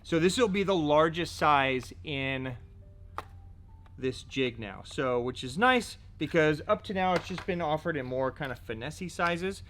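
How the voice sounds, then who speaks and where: A man's voice: fairly high pitch, lively intonation, unhurried, a bit bright, faint music behind. A man presenting fishing gear in a casual product showcase, chatty and joking, often filling gaps with "so" and "right?". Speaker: fishing tackle shop presenter.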